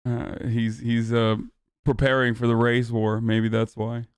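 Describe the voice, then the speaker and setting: A man's voice: mid-range voice, completely flat delivery, a little slow, smooth, dry recording, studio quality. A man reacting to clips on a live stream, with brash, profane, joking commentary.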